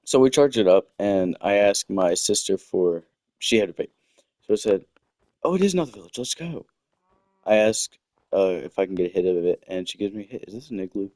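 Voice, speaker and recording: A man's voice: sits low, steady tone, brisk, a little mellow, no room sound. A young man telling a personal story casually while playing a game, often breaking off to comment on what he finds. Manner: rambling, self-interrupting with game asides. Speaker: gaming storyteller. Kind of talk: casual storytelling over gameplay. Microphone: desktop microphone.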